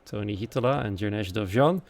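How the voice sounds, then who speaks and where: A man's voice: lowish voice, fairly quick. A man from the Netherlands with a Dutch accent, commentating a live sim racing event and reading out the chat. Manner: quiet and chatty while waiting, lively and louder once the race starts.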